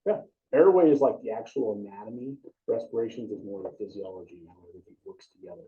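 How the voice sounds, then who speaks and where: An EMT instructor teaches class informally and casually, often putting questions to the students. His lowish voice is expressive and fast, captured in a dull, distant room recording.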